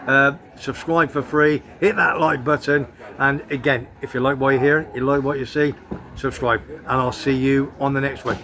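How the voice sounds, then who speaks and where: A man's voice: medium pitch, fairly even intonation, moderate pace, bright, forceful tone. A man hosting a casual football chat show, talking in a chatty, rambling way with restarts. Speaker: host. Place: home in Tenerife.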